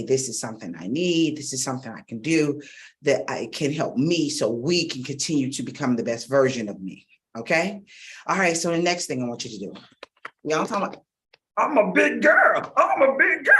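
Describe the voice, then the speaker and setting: Upbeat middle-aged woman vocal coach. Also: extremely low pitch. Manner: energetic and encouraging, checking in with "okay?" and "all right?"; brisk, direct instructions. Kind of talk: guided vocal warm-up lesson.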